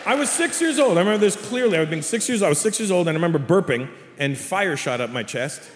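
A man, a comedian guest telling animated stories in a casual radio studio interview. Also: fairly high pitch, racing, a faint crowd, slight background noise. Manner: animated storyteller acting out voices in his anecdotes. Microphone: studio microphone.

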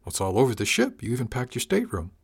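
A man's voice: medium pitch, huge pitch swings, very fast, creaky, slightly rough, heavily acted. A man voicing a frank, teasing female ship's officer in an audiobook reading.

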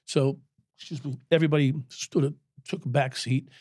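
A man's voice: medium pitch, steady tone, moderate pace, darkish tone, no room sound, clean studio sound. A man in his sixties, a former police officer and podcast guest, telling candid stories bluntly, swearing freely and chuckling as he talks. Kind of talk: candid conversational storytelling. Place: podcast studio.

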